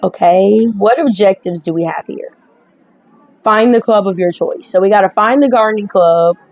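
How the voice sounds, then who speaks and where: A woman's voice: mid-range voice, normal speed, darkish tone, no room sound, muffled recording. A young woman giving chatty, sassy commentary while she plays a dating game. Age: young adult. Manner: chatty, sassy, reacting aloud. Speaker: gaming streamer. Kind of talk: casual gameplay commentary.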